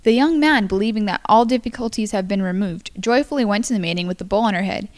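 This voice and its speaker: A woman's voice: mid-range voice, a little mellow. Stumbling young woman reading aloud. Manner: halting, stumbles and apologizes. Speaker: amateur story reader. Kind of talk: casual read-aloud of a folktale.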